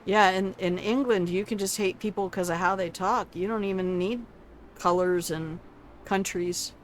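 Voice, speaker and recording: A woman's voice: medium pitch, fairly even intonation, normal speed, a little hiss or hum. An older woman streaming a video game, chatting casually with viewers in a salty, teasing way and swearing freely. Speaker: gaming streamer. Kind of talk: casual gameplay commentary.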